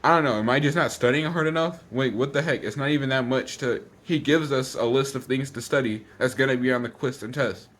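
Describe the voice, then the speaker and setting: A teenage boy vents in a casual vlog, words tumbling out in a rush and circling back on themselves. He sounds a little out of breath and thoroughly exasperated, with a voice sitting at an ordinary pitch for his age. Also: a bit bright. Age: teens. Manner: rushes words out, exasperated and repetitive. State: slightly out of breath. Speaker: vlogger.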